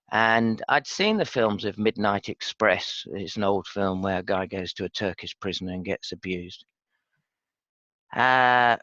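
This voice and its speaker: A British man in his fifties, a former pilot telling his story frankly and reflectively in an interview, halting with fillers. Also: lowish voice, a bit bright, no echo, muffled recording. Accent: British English. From Britain. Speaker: podcast guest, former RAF pilot.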